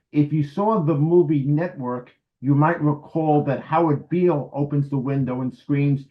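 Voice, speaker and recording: A man's voice: fairly high pitch, normal speed, few pauses, muffled recording. A man in his seventies from New York City, giving a lecture over a video call in a wry, anecdotal, conversational way. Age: 70s. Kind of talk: storytelling lecture.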